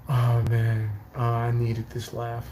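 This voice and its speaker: A man doing casual reaction commentary, laughing hard and wheezing as he tries to hold back loud laughter. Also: medium pitch, slow, slight background noise, poor audio. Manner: animated, quotes people mid-story.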